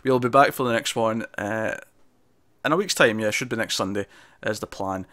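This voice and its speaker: A man's voice: fairly low pitch, moderate pace, sharp tone, dry recording, studio quality. A Scottish man co-hosting a TV review show, chatting casually and rambling, laughing often.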